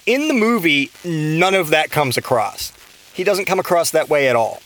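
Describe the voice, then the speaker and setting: A man with a slightly higher-pitched voice recaps a movie on his podcast. He rambles loosely, swears constantly and trips over fillers and restarts. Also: expressive, normal speed, a bit bright, low-quality recording. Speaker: podcast host. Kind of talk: casual profane movie recap.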